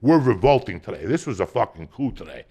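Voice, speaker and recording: A man telling a profane comic story as a podcast guest, swinging from loud shouting bursts to low muttering. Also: sing-song, a little fast. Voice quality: gravelly.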